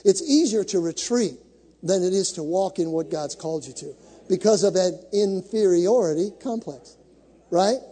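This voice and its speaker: A man's voice: sits high, expressive, normal speed, dark tone, slightly rough, long reverb tail. A male pastor preaching a sermon to a congregation, with dramatic build-ups, acting out the scripture stories he tells.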